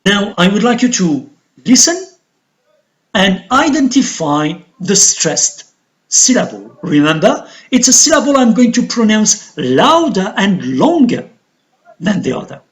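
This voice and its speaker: Slow, lively-voiced male English teacher. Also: high-pitched. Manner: slow, deliberate, repeats model words. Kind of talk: recorded pronunciation lesson.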